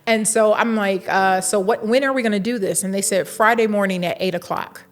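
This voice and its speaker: Animated woman telling a story. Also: mid-range voice, fairly quick. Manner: animated storyteller acting out dialogue, laughing. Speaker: university administrator, interview guest. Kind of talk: storytelling interview.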